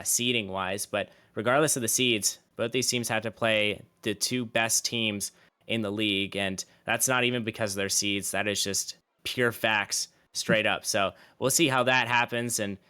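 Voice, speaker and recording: Bright-voiced male esports caster. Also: lowish voice, steady tone, normal speed, clear, resonant tone. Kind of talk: casual play-by-play commentary.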